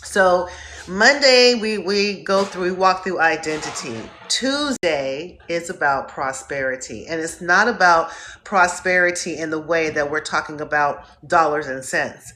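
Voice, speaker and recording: Upbeat woman from ohio chatting on her live stream, slow and bright, lowish voice. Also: a little hiss or hum. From Northeast Ohio. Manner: effusive, drawn-out greetings, upbeat. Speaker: host. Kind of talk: live stream chat greeting viewers.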